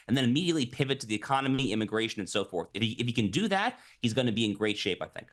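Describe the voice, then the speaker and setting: A man speaking as a guest commentator in a live news interview, making his case in a rapid, emphatic, argumentative way. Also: mid-range voice, expressive, a bit bright.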